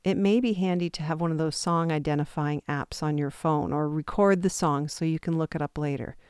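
A woman calmly and patiently leading a guided intuition exercise step by step, with the odd self-deprecating aside. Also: deep voice, a little fast, clean tone, no echo, clean studio sound. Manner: calm, patient step-by-step instructions. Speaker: intuition teacher.

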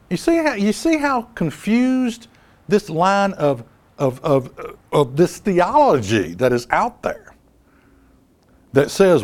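A man's voice: high voice, wildly swooping pitch, a little slow. A man preaching a sermon, emphatic, repeating key lines and asking the audience rhetorical questions.

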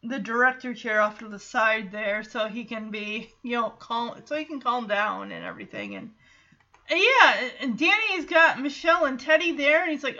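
Casual female podcaster, giggly recap, high and bright, muffled home recording. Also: animated, normal speed. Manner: chatty, giggly, quotes characters in little voices. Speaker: podcast host.

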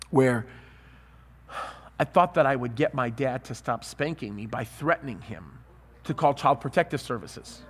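A man preaches with lively, swooping pitch and keeps checking in with his listeners. His voice is bright and fairly high for a man. Long reverb from a large hall hangs behind him. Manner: animated storytelling, asks the crowd. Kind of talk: sermon.

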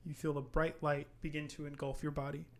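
A man narrating a tabletop game as game master in a calm, measured way. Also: on the high side.

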